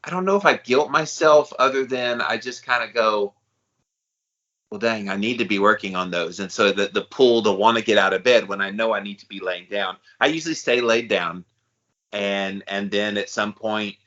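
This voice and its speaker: A man with a lowish, bright voice chats candidly and casually as a podcast co-host. He talks in a relaxed, slangy way. The audio sounds muffled and lo-fi. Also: normal speed. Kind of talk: casual conversational chat.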